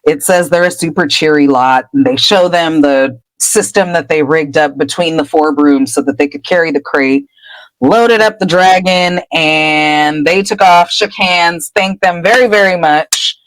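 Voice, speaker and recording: A woman's voice: sits low, a little slow, no echo, poor audio. A woman podcast host casually recapping a book chapter, laughing and popping into character voices. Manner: animated, laughing storyteller.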